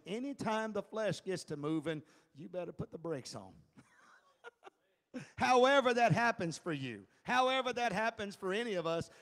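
A man pastor teaching an adult Bible class in a sermon style. He is emphatic, chuckles often, and swings between hushed and near-shouted delivery. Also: high-pitched, big-room sound. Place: church classroom.

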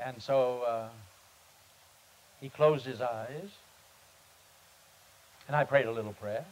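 A man, a pastor, teaching on prayer at a seminar and telling a story in an earnest, halting, unhurried way. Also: mid-range voice, darkish tone, low-quality recording. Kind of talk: sermon-style teaching with storytelling. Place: seminar meeting.

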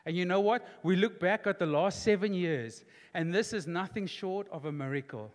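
A man, preaching a sermon as pastor in a large church auditorium, emphatic and repetitive, building to near-shouting. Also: sits high, moderate pace. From South Africa. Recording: long hall reverb in church auditorium.

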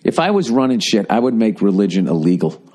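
A man's voice: on the low side, very animated, fast talker, darkish tone. A middle-aged man hosting a comedy podcast, ranting with lots of swearing and slipping into mocking voices. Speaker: podcast host.

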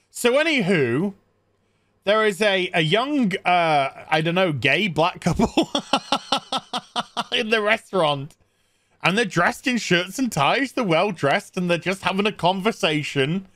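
A man's voice: high voice, expressive, measured pace, a bit bright, no echo, clean studio sound. A man hosting a podcast, recapping a movie comically in a mocking, incredulous tone. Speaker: podcast host.

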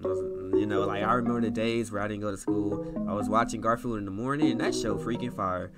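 A young man giving live commentary on a video game he is playing, with slangy reactions and sudden loud outbursts. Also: lowish voice, fairly even intonation, fairly quick. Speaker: gaming streamer. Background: loud game music with plucked guitar.

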